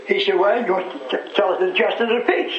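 High-voiced preacher in an echoey hall. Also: male voice, fast talker, a crowd in the background. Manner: folksy, rising to fervent shouting. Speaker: radio preacher. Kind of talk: storytelling sermon. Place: church hall. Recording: echoey hall, muffled, loud congregation.

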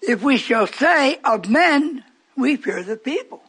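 A man's voice: very high voice, lively intonation, takes it slowly, fairly bright tone, slightly rough. An older man preaching a fervent, rambling radio sermon to his congregation in a church hall, breaking off into stories.

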